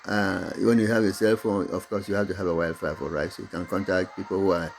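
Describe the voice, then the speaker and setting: A middle-aged man from Togo whose first language is Mina, speaking English with an accent and giving a halting motivational talk about his own business, full of restarts and fillers. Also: sits low, fairly even intonation, vocal fry, slight background noise. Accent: Togolese. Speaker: business owner.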